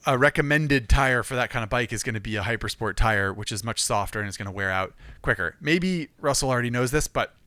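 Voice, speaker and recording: A man co-hosting a casual podcast, relaxed and laughing easily while explaining things. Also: mid-range voice, brisk, few pauses, no room sound. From California. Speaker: podcast co-host.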